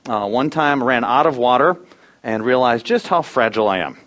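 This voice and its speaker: A man in his thirties, a pastor preaching a sermon in church, earnest, dropping soft and low at times, then rising loud and animated. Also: fairly quick.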